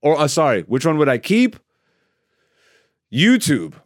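A man's voice: fairly high pitch, wildly swooping pitch, a little slow, no room sound, studio quality. A man hosting a podcast on his own, ranting in a profane, rambling, mocking way. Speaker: podcast host. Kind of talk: solo comedic rant. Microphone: studio mic.

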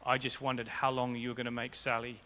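Here is a soft-spoken, forgiving old grandmother from a storybook tale, put on by a male preacher. Her voice is hushed and lowered, yet still bright. A long church-hall reverb trails every word. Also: completely flat delivery, quick pace, slight background noise, close to an everyday voice. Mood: tender.

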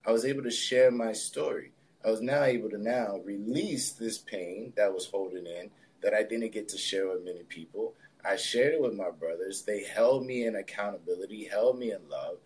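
A man guest on a podcast interview, telling a personal story in a relaxed, reflective way with plenty of casual fillers. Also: on the low side, normal speed, hardly any pauses. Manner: relaxed, reflective, loose with fillers like "you know" and "like". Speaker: podcast guest, spiritualist and healer.

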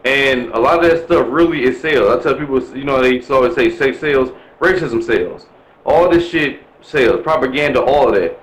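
A man's voice: mid-range voice, fairly quick, reverberant, rough recording. A man from Milwaukee talking bluntly and profanely in a casual chat, ranting with lots of swearing. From Milwaukee, USA.

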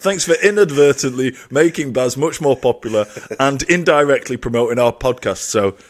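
A man's voice: medium pitch, normal speed. An English man co-hosting a podcast, chatting and teasing his co-host in casual banter. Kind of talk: casual chat.

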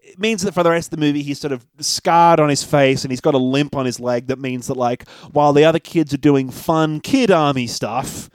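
A chatty man co-hosting a relaxed film podcast, laughing and swearing freely as he recaps the story. His voice sits slightly high for a man, recorded dry and close with no room sound. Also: brisk, clean tone, no room sound. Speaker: podcast co-host. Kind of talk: casual film review chat.

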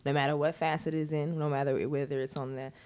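Low-voiced blunt woman podcaster. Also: fast talker, clear, resonant tone. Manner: blunt, candid, swears freely; animated, sarcastic asides. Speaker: podcast host. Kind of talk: casual conversation.

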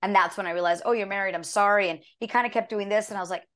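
Guest voice actress, woman, chatty and animated, mid-pitch, acts out quotes. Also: rapid-fire. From half American. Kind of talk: casual interview chat.

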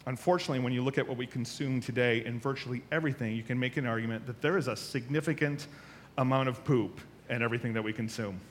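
A man preaching a sermon as a pastor, telling stories with lively acted-out voices. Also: mid-range voice, quick pace, a little hiss or hum. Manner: animated storytelling, acts out voices.

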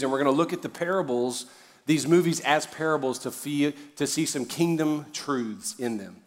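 A man preaching a sermon as a pastor, conversational and joking, with sudden loud emphasis on key words. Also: medium pitch. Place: church auditorium. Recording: reverberant large hall.

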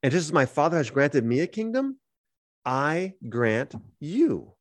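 An unhurried man with a fairly high-pitched voice co-hosts a podcast where he reads scripture aloud and teaches on it in an easygoing, conversational way. His delivery is animated, and there's no echo.

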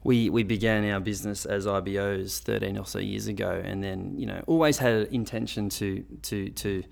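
A man's voice: on the low side, fairly even intonation, normal speed, gravelly. A middle-aged Australian man chatting as an upbeat, enthusiastic podcast guest, restarting his sentences often. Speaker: podcast guest, business owner. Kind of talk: casual interview chat.

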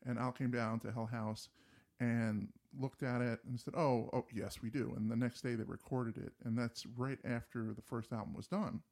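Gravelly-voiced man chatting about music. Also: medium pitch, moderate pace. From New Jersey. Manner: animated storyteller, mimics voices and guitar riffs. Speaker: podcast co-host. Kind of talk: casual chat about music.

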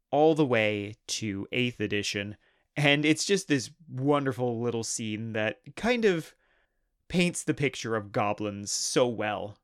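A man's voice: medium pitch, dry recording, clean studio sound. A man hosting a hobby history video, narrating in an enthusiastic, conversational way. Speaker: host.

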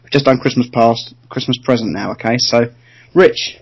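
A man's voice: medium pitch, normal speed, breathy edge, dull audio. A man hosting a podcast, teasing the others and steering the chat. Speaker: podcast host.

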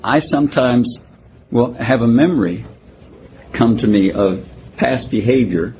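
An older man telling his personal recovery story at a twelve-step meeting, halting and self-deprecating, with many pauses and fillers. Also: mid-range voice. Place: meeting room. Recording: muffled recording with faint hiss.

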